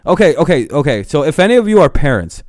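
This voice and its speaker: A man's voice: fairly high pitch, sing-song, quick pace, a little mellow, dry recording, studio quality. A young man ranting casually to his live-stream chat, swearing a lot, laughing often and getting heated.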